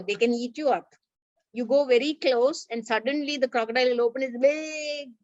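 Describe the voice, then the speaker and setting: Woman, Indian English accent, reading aloud to a class, animated storyteller, slightly high voice, dry muffled sound. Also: no echo. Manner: animated, acts out characters' lines.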